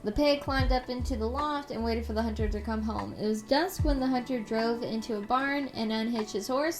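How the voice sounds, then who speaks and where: A woman streamer casually retelling a scary story, with profane, rambling asides. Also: on the high side. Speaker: live streamer.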